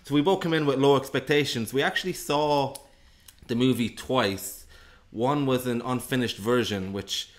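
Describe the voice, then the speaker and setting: A man's voice: medium pitch, normal speed. A man co-hosting a casual film review show, rambling and joking at his own expense. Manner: rambling, self-deprecating, jokey. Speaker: podcast co-host.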